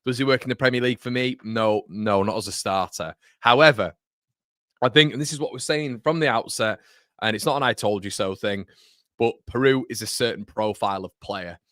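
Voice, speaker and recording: A man's voice: lowish voice, a little fast, a bit bright, no echo, studio quality. A man hosting a fan livestream, chatting casually and reading out viewer comments, rambling and correcting himself as he goes. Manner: rambling, self-correcting, addresses viewers as mate. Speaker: fan channel host.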